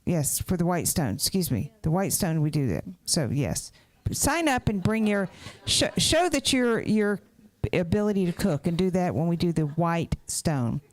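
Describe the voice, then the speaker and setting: A woman's voice: lowish voice, expressive, moderate pace, a little mellow. A woman giving casual church announcements, chatty and correcting herself as she goes.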